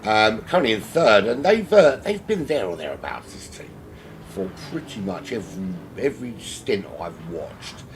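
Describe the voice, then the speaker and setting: A man's voice: fairly low pitch, sing-song, moderate pace, slight background noise. A man from South London with a South London accent, commentating on a sim race from home in a rambling, self-mocking, chatty way.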